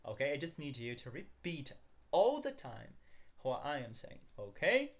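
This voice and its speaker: A man's voice: fairly high pitch, huge pitch swings, a little slow. A man teaching a beginners' language lesson, upbeat, calling his viewers guys and asking them to repeat after him.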